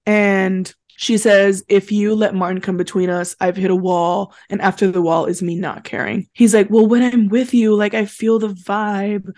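A woman's voice: medium pitch, normal speed, hardly any pauses. A young woman co-hosting a casual podcast chat, retelling what people said with lots of laughs. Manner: chatty, giggly, acts out quotes in a flat deadpan. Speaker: podcast co-host recapping a reality show.

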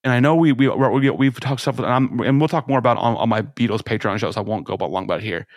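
A man co-hosting a podcast, talking in a rambling, excited way with many restarts, swearing and laughing. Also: mid-range voice, fast, no room sound. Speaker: podcast co-host. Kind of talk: casual chat.

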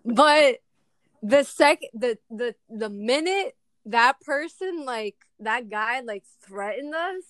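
A young woman tells a story in a fast, rambling way, filling it with "like" and restarts. Her voice sits a little high. It sounds dry and close. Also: lively intonation, fairly bright tone, no echo. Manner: fast, filler-heavy storytelling with many "like"s. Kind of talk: casual storytelling chat.

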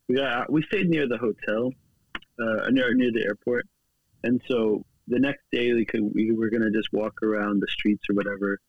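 Gravelly man telling rambling stories. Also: medium pitch, no room sound, highs cut off. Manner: rambling storyteller, laughs often, quick impressions. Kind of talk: casual chat.

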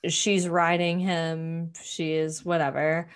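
Lower-voiced woman rambling casually. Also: level tone, slow pace, smooth. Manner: rambling, heavy on "like", swears freely. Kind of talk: casual chat recapping a TV show.

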